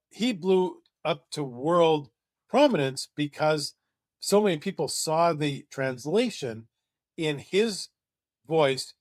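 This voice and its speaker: A man's voice: on the high side, no echo, clean studio sound. A man presenting a marketing webinar, talking in an enthusiastic, conversational way.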